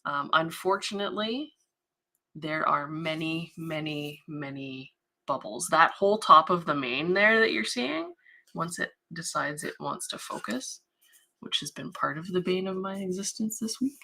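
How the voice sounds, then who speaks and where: A woman's voice: sits low, lively intonation, measured pace, vocal fry, sharp tone. A woman hosting a casual livestream as an artist, chatty and rambling, humming little filler sounds while she works. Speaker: livestream host, model horse artist.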